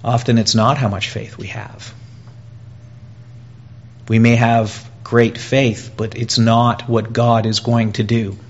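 Slow, earnest male preacher. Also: mid-range voice, flat delivery, muffled recording. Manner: earnest, with pauses and repetition, rising and louder in quoted pleas. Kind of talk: sermon.

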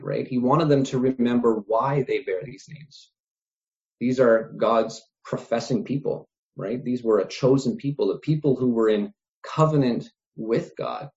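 A man's voice: mid-range voice, darkish tone. A man preaching a sermon in an earnest way, often stopping to repeat words and asking "right?" as he reasons with his listeners. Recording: dull lo-fi recording.

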